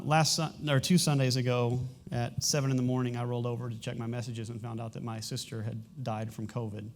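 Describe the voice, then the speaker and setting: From a church stage, a middle-aged pastor with a middle-pitched, slightly mellow voice gives announcements and personal testimony to his congregation. He speaks candidly and haltingly, restarting sentences as emotion rises and clearly struggling to keep composed.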